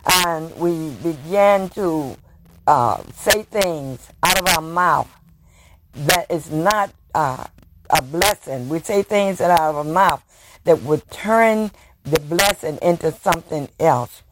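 Brief: female preacher, slow measured sermon, audible background noise. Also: low voice. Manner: slow, deliberate preaching with repeated hallelujahs. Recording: noisy recording.

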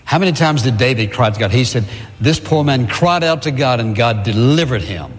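A man preaching an earnest sermon, stressing words and pausing often between phrases. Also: medium pitch, expressive, in a large hall. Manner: earnest, emphatic preaching with drawn-out pauses. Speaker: pastor.

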